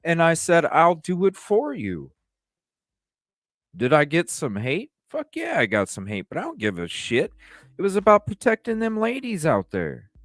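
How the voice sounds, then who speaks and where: A man hosting a livestream, telling stories in a rambling, profane, animated way. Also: a little high, moderate pace, dry recording. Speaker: livestream host. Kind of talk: casual livestream talk.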